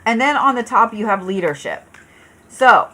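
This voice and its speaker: A woman with a slightly high, animated voice, pushed and bright, reads tarot live at a moderate pace. She's yawning and tired yet chatty with viewers, talking in a blunt, casual, profane way full of fillers and restarts.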